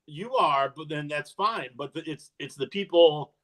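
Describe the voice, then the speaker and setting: A man's voice: on the high side, measured pace, crowd noise. A man who runs a hobby shop, chatting casually, laughing often and restarting his sentences. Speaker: hobby shop owner hosting a livestream. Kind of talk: casual chat.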